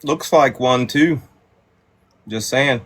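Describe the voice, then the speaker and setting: A man's voice: medium pitch, slow, breathy edge. A man chatting casually in a laid-back, offhand way. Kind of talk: casual chat.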